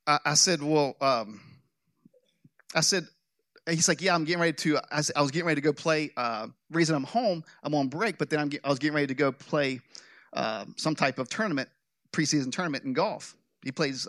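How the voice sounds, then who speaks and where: A man pastor preaching a sermon, telling a story with jokes and animated delivery. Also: a little high, no echo, clean studio sound. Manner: animated, joking, with restarts.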